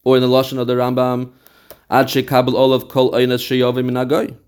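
A Torah teacher works through a Talmudic text step by step, chanting quoted passages in study style and mixing Yiddish and Hebrew terms into his English. His medium-pitched voice is monotone, fairly quick, a little mellow and clean.

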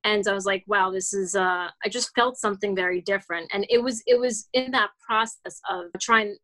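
A woman's voice: medium pitch, brisk, pushed and bright. A woman in her thirties telling her story as a guest in an interview, rambling with many restarts, heartfelt and casual. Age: 30s. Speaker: guest author.

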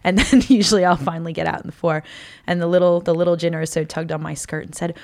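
Chatty woman with a gravelly voice. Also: on the low side, fast, no room sound. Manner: animated storyteller, laughs often. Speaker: cosplayer guest. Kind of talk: casual podcast chat.

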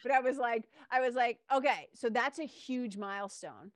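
A woman hosting a podcast, telling stories in a lively casual way and swearing now and then. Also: a little high, normal speed, no room sound, studio quality. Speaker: podcast host. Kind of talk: casual interview chat.

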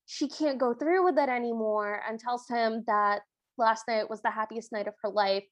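A woman's voice: fairly high pitch, moderate pace, no room sound. A woman co-hosting a podcast, casually and expressively retelling a movie and giving her opinions. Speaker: podcast co-host. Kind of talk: casual movie recap chat.

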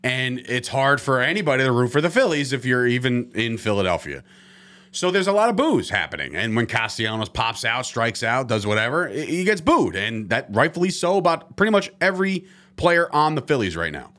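A man's voice: medium pitch, big pitch swings, fairly quick, fairly bright tone. A man hosting a casual sports podcast, talking animatedly, swearing freely and acting out quotes. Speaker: podcast host.

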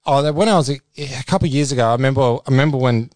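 Australian man, podcast co-host, casual rambling talk, mid pitch, dry close mic. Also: very fast, a little mellow, dry recording. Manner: rambling, lots of restarts and swearing. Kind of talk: casual chat.

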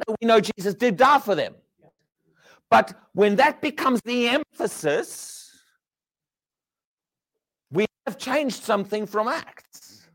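Animated high-voiced male preacher. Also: takes it slowly, pauses often. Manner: animated, rhetorical questions, swings from loud to hushed. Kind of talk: sermon.

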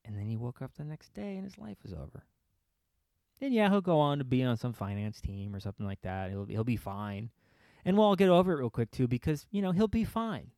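A man's voice: medium pitch, lively intonation, fairly quick, mellow, no room sound. A man hosting a podcast, telling a story in a sarcastic, comic rant, laughing often and dropping into whispers for the voices he acts out. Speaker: podcast host. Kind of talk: comedic ranting monologue.

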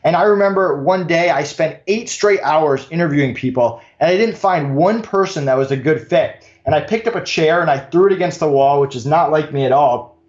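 A man answering interview questions as a company founder, talking fluently and backing his points with numbers. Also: a little fast. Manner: fluent, pitching with figures. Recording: echoey, dull room mic.

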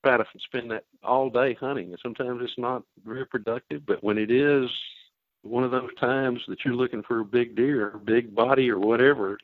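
An older man, a hunting expert, telling folksy stories in a relaxed podcast conversation. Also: mid-range voice, dry recording. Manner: folksy storyteller, relaxed and unhurried. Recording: tinny phone-like line, dry.

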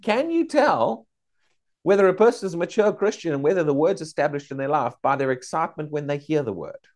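A man teaching a Bible study, questioning his class and acting out excited believers. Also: on the high side, fairly quick.

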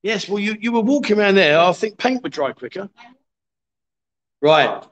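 This livestream host, a middle-aged man, is animated and fairly bright-toned, his high voice moving at a normal speed. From a bar, he roots for pool players and chats jokingly with viewers, coaxing them along, though the recording quality is poor.

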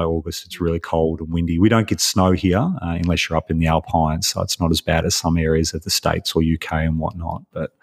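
Australian male guest, very low voice, easygoing rambling delivery. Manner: relaxed, rambling with many fillers. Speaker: guest, life coach. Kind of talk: casual podcast interview. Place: home in Melbourne, remote call.

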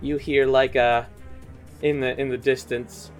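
A man's voice: medium pitch, level tone, unhurried, faint music behind. A man narrating a tabletop game as game master, casual and laughing, swearing freely.

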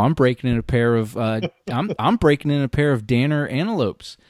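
A man's voice: medium pitch, expressive, brisk, no room sound, studio quality. A man hosting a casual talk show, talking animatedly and frankly and swearing freely. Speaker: podcast host. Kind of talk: casual hunting gear chat.

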